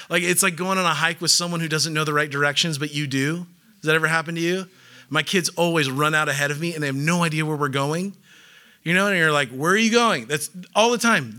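A man's voice: fairly high pitch, bright, forceful tone. A man preaching a sermon in a conversational, playful way, often acting out little voices. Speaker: pastor.

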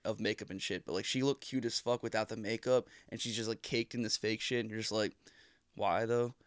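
A man's voice: on the low side, fairly even intonation, fast talker, fairly bright tone, no room sound. A man in his thirties co-hosting a podcast, telling stories in a loose, rambling way with laughs and swearing. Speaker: podcast co-host. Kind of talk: casual chat.

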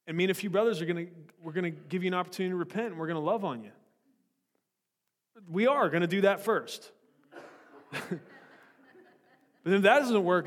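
Man, pastor, sermon, slightly high voice, blunt, joking, confrontational, long hall echo. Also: fairly bright tone. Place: church sanctuary.

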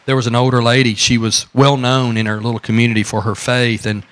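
A man's voice: mid-range voice, level tone, fairly quick, fairly bright tone. A man with a Southern American accent preaching a sermon as pastor, repeating phrases and asking the congregation questions.

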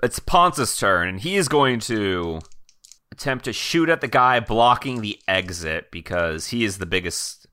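A man's voice: fairly low pitch, animated, unhurried, pushed and bright, clean tone. A man narrating as game master in a tabletop game, casual and full of "like" and laughs.

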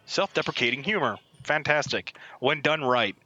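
A man's voice: mid-range voice, moderate pace, muffled recording, slight background noise. A man co-hosting a podcast, telling stories with lots of laughter and swearing. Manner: animated storyteller who laughs a lot and swears freely. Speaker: podcast co-host. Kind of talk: casual banter among friends.

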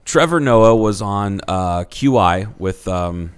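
Young guy joking around on a podcast, cussing a lot, lowish voice. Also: animated, slow pace, smooth. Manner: crude, joking, swears a lot. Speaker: podcast co-host. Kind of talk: casual chat.

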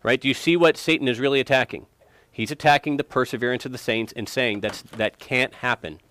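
A man's voice: medium pitch, fairly quick, a bit bright. A man teaching an interactive Bible lesson, emphatic and quizzing students for answers.

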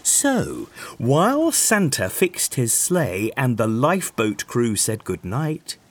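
A man reading a children's bedtime story aloud in an expressive, sing-song way. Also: mid-range voice, slow pace. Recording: soft music underneath.

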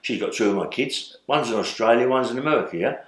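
Speaking fast and with animation in a mid-range voice, an older man rambles through stories as a guest in a sit-down interview. The room is echoey, and his lines often end with "yeah?"

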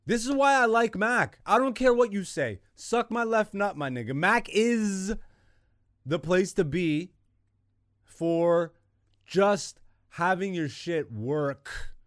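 Male podcast host, fairly high voice, dry close sound, exasperated profane rant, loud bursts. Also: lively intonation, takes it slowly, no room sound. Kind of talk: ranting casual monologue.

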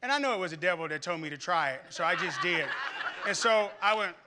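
Brief: high-pitched man with a very bright voice, an animated storytelling preacher. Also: fast. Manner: animated storytelling, laughing and shouting. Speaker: pastor. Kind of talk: sermon.

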